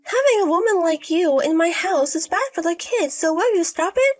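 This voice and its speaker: A woman voicing a bossy, spiteful pregnant young sister-in-law who yells insults in a storybook. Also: very high voice, animated, moderate pace. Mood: scornful. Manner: scornful, yelling insults.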